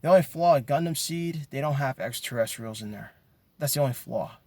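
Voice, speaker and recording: A man's voice: medium pitch, a little fast, darkish tone. A man delivering an impassioned monologue to his viewers, emphatic and ranting, often repeating words as he gets worked up. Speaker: video commentator.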